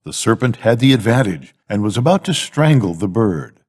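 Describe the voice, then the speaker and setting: Expressive older man reading bedtime fables. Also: lowish voice, normal speed, breathy edge, in a large hall. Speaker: grandfather reading to a grandchild.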